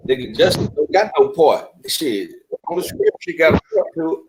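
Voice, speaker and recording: Lively, emphatic man chiming in. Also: on the high side, moderate pace, noisy background. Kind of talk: casual chat.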